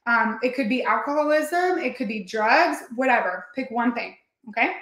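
Female workshop coach, bright high voice, earnest and repetitive, recorded in a reverberant room. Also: lively intonation, moderate pace. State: near tears at times. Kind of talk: motivational workshop talk.

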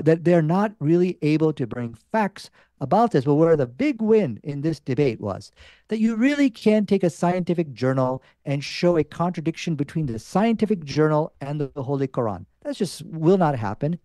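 A man's voice: a little high, sing-song, moderate pace, warm tone, no echo, studio quality. A man arguing his side in a debate, insistent and repeating his points. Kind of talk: debate argument.

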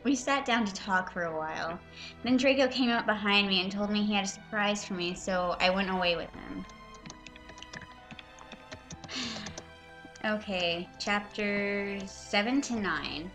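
A woman's voice: mid-range voice, unhurried, long pauses, over music. A young woman reading a bad story aloud for laughs, breaking off with sarcastic, mocking asides. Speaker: reader and commentator. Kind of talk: comedic reading with commentary.

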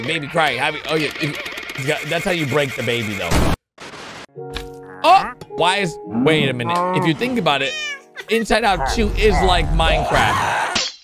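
A reaction video host giving excited commentary, exclaiming and firing off questions constantly as clips play. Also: mid-range voice. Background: video clip audio with music.

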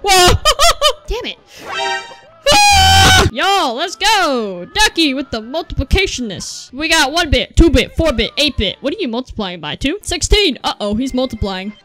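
A woman's voice: high-pitched, very animated, normal speed. A young woman playing a video game, commenting casually, swearing often and yelping and laughing at her mishaps. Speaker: gameplay streamer. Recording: faint game music behind.

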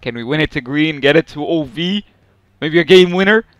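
A man commentating his own hockey video game, muttering play-by-play and then yelling at big plays. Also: on the high side, moderate pace, no echo. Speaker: gaming YouTuber. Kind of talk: excited play-by-play gameplay commentary.

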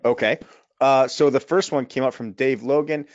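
A man with a mid-pitched voice chimes in on a webinar to pass along audience questions, relaxed and brief. The audio is dull and lo-fi with a dry sound. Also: normal speed, no echo. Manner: easygoing, brief interjections. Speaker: webinar co-host relaying questions. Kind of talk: casual webinar talk.

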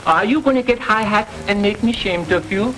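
An actor playing a simple, gentle man devoted to his elephant, speaking with a soft stammer, in a 1940s film comedy. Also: high-pitched, fairly quick, close to an everyday voice, low-quality recording. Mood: pleading. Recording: old film soundtrack with music.

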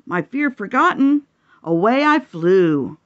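A woman reads a children's story aloud in a slow, lilting, animated voice that swoops up and down. She is expressive and delighted, and the recording sounds a little dull and lo-fi. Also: mid-range voice. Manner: expressive, gasping and whooping with delight. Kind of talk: reading a children's picture book aloud.

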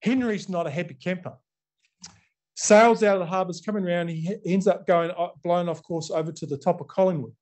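A man's voice: sits high, steady tone, brisk, darkish tone. A middle-aged man with a New Zealand accent giving a conversational storytelling talk to an audience, acting out quotes and using many fillers.

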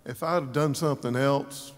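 A man giving an informal eulogy, telling folksy stories with chuckles and throat-clearing. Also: medium pitch, steady tone, normal speed. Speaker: memorial service speaker. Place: large church sanctuary. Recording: long church reverb.

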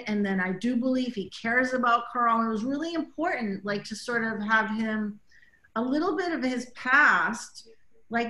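A woman's voice: fairly high pitch, a bit bright. A woman director chatting in an interview, telling behind-the-scenes stories with many casual fillers and acted-out quotes. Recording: roomy echo.

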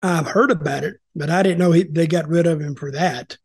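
A man's voice: a little high, fairly quick, husky. An older man hosting a casual chat, telling rambling stories with restarts and quoting people as he goes. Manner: rambling, repeats words and restarts, quotes people in dialogue. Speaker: host, wrestling storyteller.

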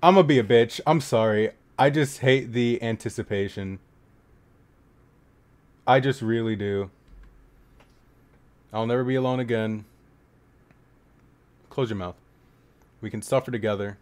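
A man making jokey, profane reaction commentary on a horror game, trading mumbled asides for sudden shouted outbursts. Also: mid-range voice, a little slow, pauses often.

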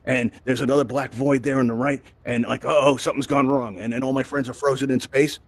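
A man's voice: mid-range voice, level tone, a little fast, no room sound. A man from Brooklyn hosting a live VR event and teaching the audience, chatty and upbeat, tagging his lines with "right?". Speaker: event host and VR instructor. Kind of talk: live presentation to a virtual audience.

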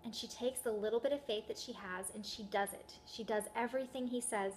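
A woman's voice: on the high side, steady tone, brisk, a little mellow, a little hiss or hum. Chatty woman Bible teacher. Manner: conversational, asks the listener questions. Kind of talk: casual sermon.

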